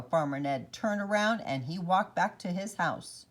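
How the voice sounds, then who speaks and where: A woman reading a children's storybook aloud in an expressive, animated way. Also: fairly low pitch, moderate pace, few pauses. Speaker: children's book reader.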